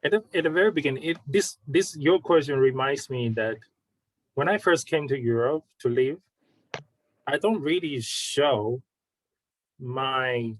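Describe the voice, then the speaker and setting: Taiwanese-accented man, halting speech. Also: medium pitch, no room sound, poor audio. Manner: halting, frequent restarts. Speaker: guest. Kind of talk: casual conversation.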